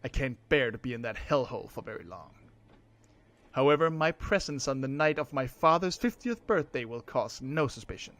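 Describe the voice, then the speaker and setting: A man's voice: medium pitch, lively intonation, fairly bright tone, natural voice. A man reading as a cold scheming heir. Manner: cold, measured narration. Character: scheming young male heir plotting murder. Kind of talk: reading game narration aloud.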